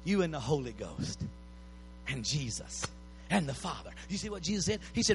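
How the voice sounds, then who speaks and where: A man's voice: on the high side, very animated, moderate pace, gravelly, soft background music. A man preaching a sermon, impassioned, with repeated pleading phrases.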